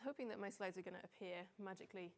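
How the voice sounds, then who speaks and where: A woman in her forties speaks to a conference audience at a mid-range pitch. Her delivery is chatty and self-deprecating, sprinkled with "um"s as she gathers her thoughts. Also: rapid-fire. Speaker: conference speaker, data visualization consultant. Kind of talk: conference talk.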